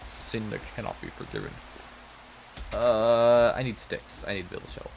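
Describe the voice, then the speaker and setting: A man's voice: on the low side, wildly swooping pitch, measured pace, vocal fry, a little mellow, slight background noise, rough recording. A man streaming a game, muttering to himself and trading mock-outraged jokes with his chat. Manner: mutters to himself while playing. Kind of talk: casual live game stream talk.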